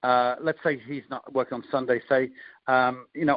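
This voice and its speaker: A man with an English accent coaching on a call, talking through sales invitation scripts in a relaxed, conversational way with frequent ums and restarts. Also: mid-range voice, moderate pace, no echo, muffled recording. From England. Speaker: network marketing coach.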